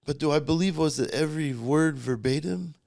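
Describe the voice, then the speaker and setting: A man's voice: on the high side, brisk, creaky, darkish tone. A middle-aged man, a podcast guest, telling his personal story in a blunt, profane and emotionally charged way.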